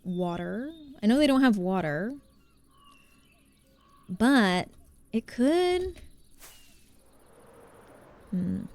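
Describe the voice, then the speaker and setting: A woman's voice: medium pitch, animated, slow, long pauses, a little mellow. A woman from New Jersey with a New Jersey accent, chatting casually with viewers while she plays a game on a live stream. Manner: chatty, reads chat aloud and greets viewers.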